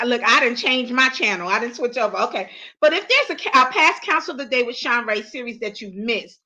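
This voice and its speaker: A woman's voice: fairly high pitch, low-quality recording. A woman hosting a live online counseling talk as a Christian counselor, speaking earnestly and often restarting her words. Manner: earnest, repeats and restarts words, warm emphatic preaching tone. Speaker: Christian counselor and show host.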